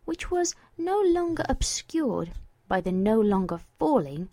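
Woman storybook narrator: slow, expressive, sometimes whispered; dry close recording. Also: fairly high pitch, dry recording. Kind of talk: storybook reading.

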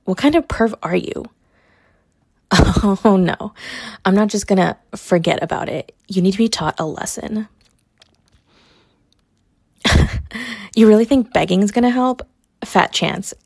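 A woman's voice: mid-range voice, normal speed, creaky, pauses often, a little mellow, no room sound, clean studio sound. A young adult woman performing a scripted audio role-play, teasing and mocking with frequent laughter. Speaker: college athlete character in an audio role-play.

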